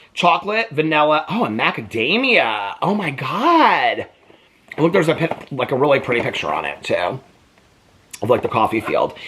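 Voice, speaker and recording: A man from Indiana casually vlogging as he unboxes mail, gushing with excitement and breaking into asides while reading aloud. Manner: gushing and excitable, voice jumps high when delighted; reads aloud haltingly with asides.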